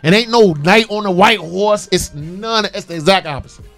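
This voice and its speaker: A man's voice: high voice, moderate pace, fairly bright tone, soft background music. A man hosting a call-in radio talk show, speaking passionately and preaching with lots of repeated emphasis.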